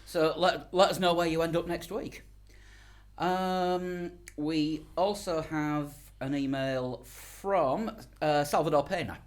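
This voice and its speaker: A man's voice: on the high side, takes it slowly. A man co-hosting a casual podcast and reading out listener emails, hesitant with many ums and self-deprecating. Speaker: podcast co-host, reads the mailbag.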